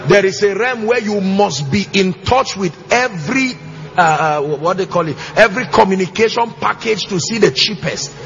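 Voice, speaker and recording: High, gravelly preacher man. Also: lively intonation, moderate pace. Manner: emphatic, sing-song preaching with shouted bursts and call-and-response questions. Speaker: pastor. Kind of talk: sermon. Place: church auditorium with congregation. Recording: slightly muffled church recording, faint music.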